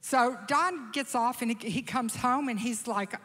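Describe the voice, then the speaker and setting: A woman telling a lively story from the stage at a church conference, acting out the voices of the people in it. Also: on the high side, unhurried. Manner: animated, acts out quoted voices. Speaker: conference speaker. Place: large church auditorium. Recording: reverberant hall sound.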